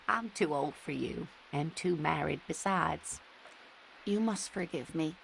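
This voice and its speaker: Kindly older woman, gravelly and low-ish, gently teasing; game voice work. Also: animated, takes it slowly, slight background noise, heavily acted. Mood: gentle. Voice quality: gravelly, creaky. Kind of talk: video game voice acting.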